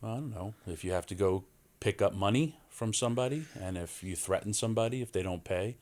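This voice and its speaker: Forties New man, low-pitched, animated podcast guest storyteller. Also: fairly quick. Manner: animated storyteller, acts out quoted voices. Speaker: wrestling guest.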